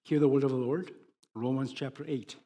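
A man preaching a sermon, emphatic, swinging between loud declarations and hushed words. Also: mid-range voice, steady tone, fairly quick. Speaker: pastor. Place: church sanctuary. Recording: long hall reverb.

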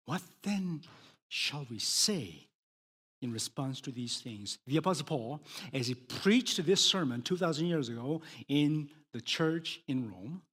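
A man preaching a sermon, emphatic, swinging between loud declarations and hushed words. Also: fairly high pitch, lively intonation, measured pace, slightly rough. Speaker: pastor. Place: church sanctuary. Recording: long hall reverb.

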